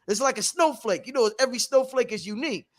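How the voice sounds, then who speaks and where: Man hosting; very high, pushy, swears freely, circles back to his point. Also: animated, fast. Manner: emphatic, profane, repetitive. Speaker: host. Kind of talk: animated workshop talk.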